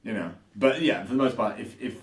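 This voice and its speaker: A man's voice: medium pitch, brisk. A man co-hosting a podcast, chatting casually and thinking aloud, often repeating himself. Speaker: podcast co-host. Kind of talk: casual chat. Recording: echoey room, distant mic.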